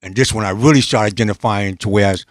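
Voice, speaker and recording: A man from New England, a podcast guest telling street stories in a lively, streetwise way and acting out other people's lines. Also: fairly low pitch, quick pace, no echo, clean studio sound. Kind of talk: storytelling in casual conversation.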